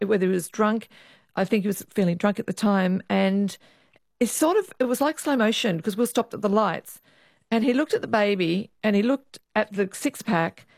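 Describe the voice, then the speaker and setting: A woman, a former police officer, recounting her years on the job in a lively interview. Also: mid-range voice, gravelly, no room sound, studio quality. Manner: lively storyteller, acts out quoted voices. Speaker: retired police officer, guest. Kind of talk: storytelling interview.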